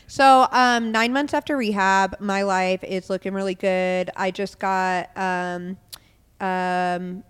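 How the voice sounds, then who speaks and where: A young adult woman tells her story on a podcast, candid and unguarded, with plenty of "um"s and "like"s. Her voice is smooth and clear at a middle pitch. It rings out with a long reverb from the room. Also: fairly even intonation. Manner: candid, quick retelling with many "um" and "like". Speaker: podcast guest. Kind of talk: casual personal storytelling.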